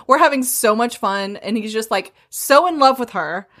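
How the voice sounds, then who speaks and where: Chiming-in woman with a slightly high voice. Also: expressive, normal speed, fairly bright tone. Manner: chimes in, finishes the other host's sentences. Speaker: podcast co-host. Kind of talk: casual chat.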